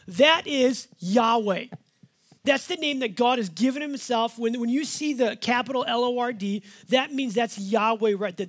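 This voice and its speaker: Speaking in a very high voice, this preacher, a dad of five kids, keeps his sermon homey and conversational. When reading scripture, he eases his pace to give it emphasis.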